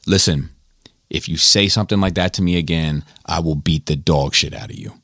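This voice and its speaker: A man voicing a big, calm, menacing young fighter who speaks in a low, cool tone. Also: brisk, dry recording, studio quality, full character voice.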